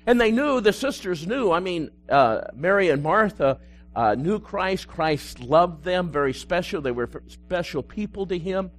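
A man, a pastor, preaching a sermon that swings between loud emphasis and hushed, quiet moments. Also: high-pitched, lively intonation, measured pace.

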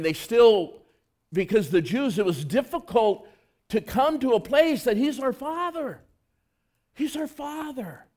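A man delivers a sermon in an earnest, conversational style, alternating between loud, emphatic stretches and soft, low passages.

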